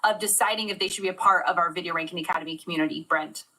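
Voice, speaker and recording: A woman's voice: lowish voice, very fast, pushed and bright, rough recording. A woman hosting a livestream interview as a coach, upbeat and gushing, laughing often. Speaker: host and coach.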